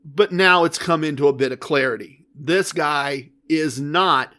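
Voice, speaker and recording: A man hosting a podcast, telling a story in a casual, animated and emphatic way. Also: a little high, a little slow. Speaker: podcast host.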